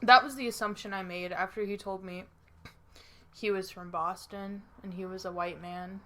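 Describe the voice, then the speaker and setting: A young woman from Kansas co-hosting a podcast, telling stories in a dry, deadpan way. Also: medium pitch, moderate pace, a little hiss or hum. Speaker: podcast co-host. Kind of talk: casual chat.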